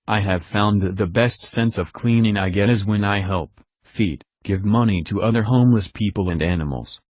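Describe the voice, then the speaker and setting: A man's voice: fairly low pitch, darkish tone, dry recording. A synthetic male text-to-speech voice delivering religious narration, robotic in an evenly paced preaching monologue.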